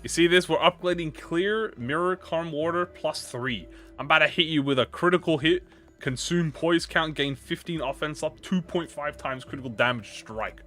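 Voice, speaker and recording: A man's voice: fairly high pitch, moderate pace, sharp tone, soft background music. A man streaming a game, bantering with chat in a playful, mock-threatening way with theatrical, swearing outbursts. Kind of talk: casual livestream gaming commentary.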